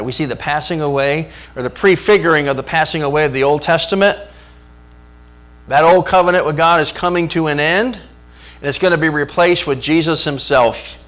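Man, pastor, animated sermon delivery, fairly high voice, rhetorical. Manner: animated, rhetorical questions to the congregation.

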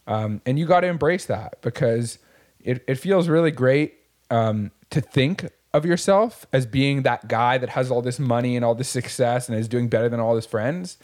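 A man's voice: medium pitch, moderate pace, a little mellow. A man in casual chat, talking in a profane, impassioned, motivational way about growth through hard times. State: tearing up.

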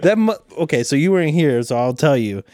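A young man with a fairly high voice tells a childhood story among friends, relaxed and full of swearing, with quoted bits in Spanish. The sound is dry and close. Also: a little fast, no echo. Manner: relaxed, swears, slips into Spanish when quoting.

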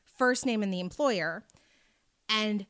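A woman chatting casually, telling an animated story and acting out the people in it. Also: mid-range voice, takes it slowly, smooth. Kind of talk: casual chat.

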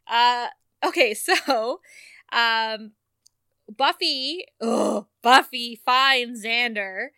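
A woman's voice: on the high side, bright, forceful tone, dry recording. A woman co-hosting a podcast, chattily recapping TV episode plots with frequent laughs. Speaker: podcast co-host. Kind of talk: casual recap chat.

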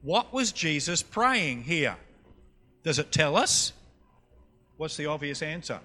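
Quizzing his audience during a preached teaching session, this North Queensland Australian man speaks in a sharp, sing-song voice on the high side and takes it slowly. Faint music plays under long hall reverb.

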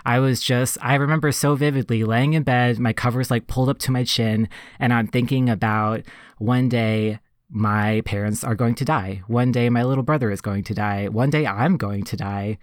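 A man in funeral service casually telling a personal story on a podcast, reflective and relaxed, full of "like" and "you know". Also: mid-range voice, normal speed, no echo, clean studio sound.

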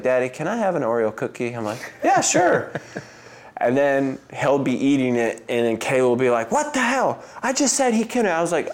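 An American man in his thirties, a guest in a casual interview, telling stories in a loose, chatty way and acting out other people's lines in a higher voice, with frequent laughs. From United States. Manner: animated storyteller who acts out quotes with a jump in pitch.

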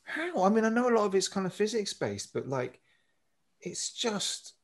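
A man's voice: high-pitched, big pitch swings, normal speed. A man co-hosting a gaming podcast in casual chat, swearing freely and joking at his own expense. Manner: swears freely, wry and self-mocking. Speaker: podcast co-host.

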